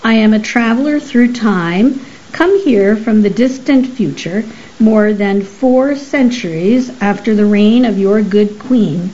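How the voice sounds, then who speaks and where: A stuffy professor speaks with formal condescension, as a woman narrator reads him. The delivery is slow and mellow. Faint hiss sits under a slightly dull recording. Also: medium pitch, natural voice. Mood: lofty. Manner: formal, condescending, pleading at times. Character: stuffy male professor time traveler, urbane and nervous.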